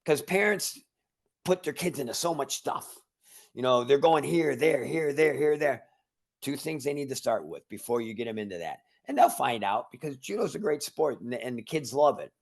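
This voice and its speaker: Casting note: gravelly man at middle pitch, a judo instructor, rambling and repetitive, chatting casually on a podcast. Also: expressive, moderate pace. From Cleveland, Ohio area. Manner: rambling, repeats words, acts out conversations. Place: remote call.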